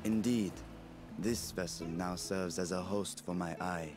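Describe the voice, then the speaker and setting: An actor voicing an ancient dragon who speaks through a vessel, deep, measured and formal, in a game cutscene. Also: male voice, steady tone. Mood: solemn. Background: game music.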